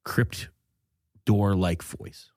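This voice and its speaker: A man's voice: on the low side, steady tone, very slow, a little mellow, dry recording, clean studio sound. A man from the Midwest hosting a comedy podcast in casual chat, joking and riffing playfully. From American Midwest. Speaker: podcast host.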